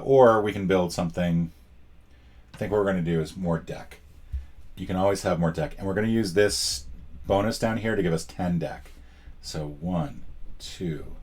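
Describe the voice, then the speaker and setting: A man's voice: low-pitched, slightly rough. A man playing a solo board game and commenting as he goes, wry and self-mocking, thinking aloud and counting out spaces. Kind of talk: casual playthrough commentary.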